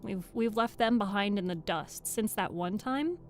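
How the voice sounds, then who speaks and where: Speaking into her microphone, a young streamer and audiobook reader chats and jokes with her live-stream viewers. Her voice is medium in pitch and her pace moderate, with soft music in the background.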